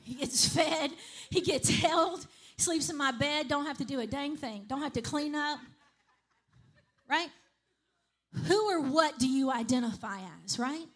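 High-voiced woman preaching with a lilt. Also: unhurried, a bit bright. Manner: conversational, repeats "right?" and "okay?" to the congregation. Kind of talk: sermon.

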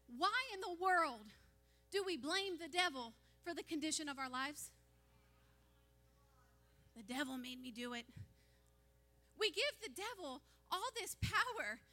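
A woman pastor preaching a sermon to a congregation, emphatic and repetitive, building to shouts. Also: very high voice.

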